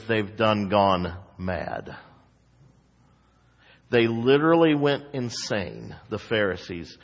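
A male pastor preaching a sermon with expressive delivery, rising to loud emphasis and dropping to slow, quiet asides. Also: mid-range voice. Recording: long hall reverb.

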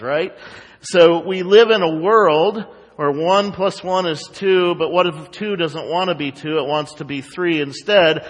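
A male pastor preaching a sermon to his congregation, animated, with sarcastic asides to the people in the pews. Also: fairly high pitch, in a large hall, low-quality recording. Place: church sanctuary.

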